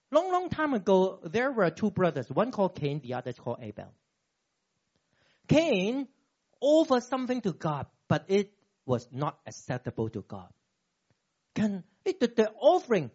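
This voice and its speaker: A man in his fifties preaching a sermon as a pastor, animated and acting out quoted dialogue with sudden pitch jumps. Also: husky, lo-fi sound.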